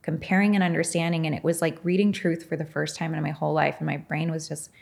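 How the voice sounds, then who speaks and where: A woman's voice: sits low, little pitch movement, fast talker, creaky. A middle-aged woman being interviewed as a podcast guest, telling her story frankly and with animation, swearing and laughing often.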